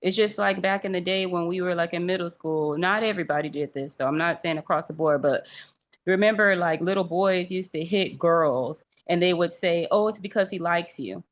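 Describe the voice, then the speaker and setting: A woman talking casually in a religious discussion group, animated and acting out what other people say. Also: lowish voice, moderate pace. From rural area. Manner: animated, acts out quoted remarks.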